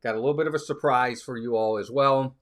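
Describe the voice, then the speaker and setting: A man hosts a casual live stream, chatting with viewers and reading out their comments, interrupted by sneezing fits. His medium-pitched voice is fast.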